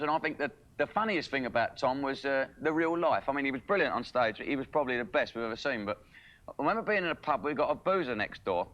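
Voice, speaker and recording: A man's voice: mid-range voice, a bit bright. A man, a fellow entertainer telling a casual anecdote in chatty, laughing, loose working-class speech. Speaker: fellow entertainer giving a tribute. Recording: dull lo-fi 1980s TV sound.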